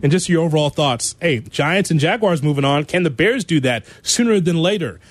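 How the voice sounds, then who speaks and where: A man's voice: fairly high pitch, animated, fairly quick, no echo. A man co-hosting a sports talk radio show in a studio, upbeat, laughing easily and reading station promos. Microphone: studio mic.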